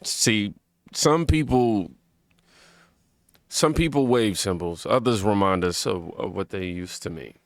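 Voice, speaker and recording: A man's voice: on the low side, unhurried, no room sound, clean studio sound. A man hosting a casual reaction commentary, reading aloud and then talking loosely with viewers. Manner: reads scripture aloud, then talks loosely and informally. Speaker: commentary video host.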